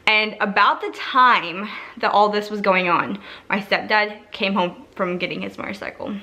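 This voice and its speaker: A woman's voice: mid-range voice, moderate pace, pushed and bright. A young woman telling a personal story in a casual, chatty way, full of "like" fillers and acted-out quotes. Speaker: vlogger.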